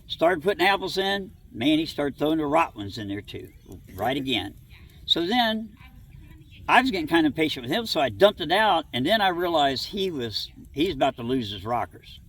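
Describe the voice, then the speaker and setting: A middle-aged southwest Ohio man, interviewed about childhood encounters, talks in a slightly high, sing-song voice that is a bit bright with a breathy edge. He keeps a moderate pace, rambling folksily and acting out snippets of dialogue. The recording comes from a distant mic with faint background noise.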